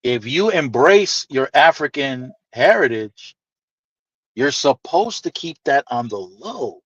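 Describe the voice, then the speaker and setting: Animated man telling a story. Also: mid-range voice, takes it slowly, husky, no echo, muffled recording. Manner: animated, profane, acts out quoted voices. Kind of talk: casual anecdotal storytelling.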